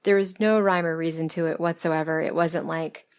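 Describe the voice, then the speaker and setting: Woman from the American South, lowish voice, a little hoarse, candid and chatty, casual Q&A monologue. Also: steady tone, normal speed. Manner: chatty and candid, laughing softly, self-deprecating. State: losing her voice. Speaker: audio script writer and performer answering listener questions. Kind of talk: casual interview-style Q&A monologue.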